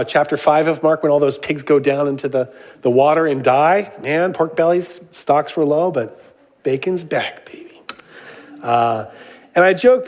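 A man's voice: on the high side, darkish tone. A man preaching a sermon, reading scripture aloud and then explaining it in a casual way, with frequent "uh" and "um" fillers and jokes mixed in. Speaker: pastor.

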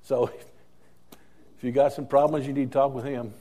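A man's voice: mid-range voice, little pitch movement, measured pace, mellow. An older man preaching a sermon as interim pastor, telling stories and repeating key phrases for emphasis.

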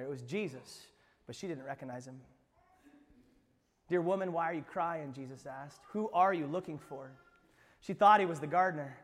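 A man pastor preaching an Easter sermon, expressive, swinging from hushed lines to emphatic ones with playful asides. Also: a little high, normal speed, long reverb tail. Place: church sanctuary.

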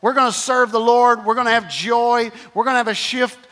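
A man's voice: very high voice, steady tone, brisk, fairly bright tone, big-room sound. A man preaching a sermon, repeating phrases emphatically and calling the congregation to respond. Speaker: pastor.

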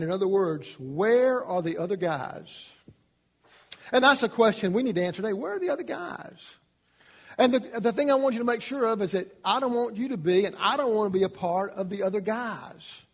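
A man preaching a sermon, emphatic, his voice rising in pitch and loudness on key points. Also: husky, big-room sound. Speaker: pastor.

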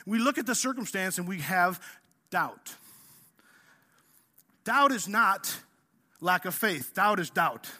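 A male pastor preaching a sermon in a casual, energetic way, acting out the story as he tells it. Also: high voice, slow, long pauses. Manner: energetic, casual preaching, says "man" often; acts out the story.

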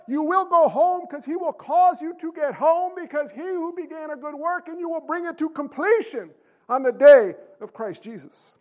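High-voiced preacher, shouting and quiet by turns. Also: male voice. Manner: preaching with rhetorical questions and call-and-response; swings from quiet asides to shouted emphasis. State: winded. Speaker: pastor. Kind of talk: sermon. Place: church sanctuary.

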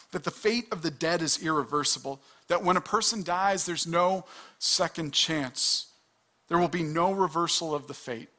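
A man's voice: fairly high pitch, sharp tone. A man preaching a sermon in an earnest, conversational way, often restarting his words. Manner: earnest, conversational, with quick restarts and acted-out asides. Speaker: pastor.

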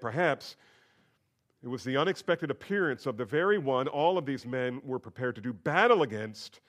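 Man preaching with swelling emphasis. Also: medium pitch. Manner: shifts between quiet asides and rising emphatic declarations. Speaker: pastor. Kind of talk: expository sermon.

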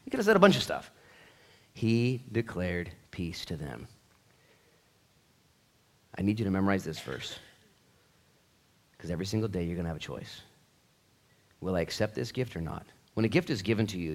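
Animated male pastor preaching a sermon. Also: low-pitched, normal speed, long pauses. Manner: animated, acts out voices and dialogue, swings from loud to hushed. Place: church.

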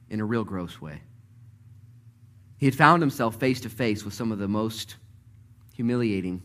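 A man preaching a sermon, telling the story with energy, dropping to a hush and then rising loud, and acting out the people in it. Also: lowish voice. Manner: lively storytelling, acts out voices, swings between hushed and loud. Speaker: pastor.

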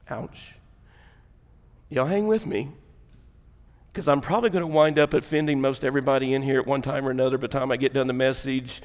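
A male pastor with a Southern US accent preaching a sermon. He talks in a folksy, joking way and works up to loud, emphatic preaching. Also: medium pitch, fairly even intonation, normal speed, pauses often, long reverb tail. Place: church sanctuary.

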